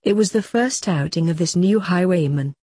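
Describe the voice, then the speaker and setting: A woman narrating a storybook tale in a steady, plain reading manner. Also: fairly low pitch, moderate pace, husky, no echo.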